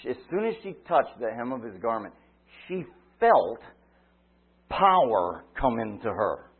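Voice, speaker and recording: A man preaching a sermon, retelling a story dramatically, swinging from loud cries to quiet asides. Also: mid-range voice, very animated, measured pace, husky. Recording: tinny phone-like line.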